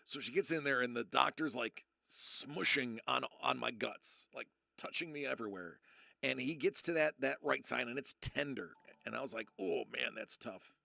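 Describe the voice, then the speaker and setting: A gravelly, bright-toned man in his thirties tells a long personal story to his live chat. He rambles, restarts his sentences and drops his voice low when quoting others. The sound is dry and close. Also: moderate pace, no echo. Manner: rambling, self-interrupting, acts out quotes in a low voice. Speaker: streamer.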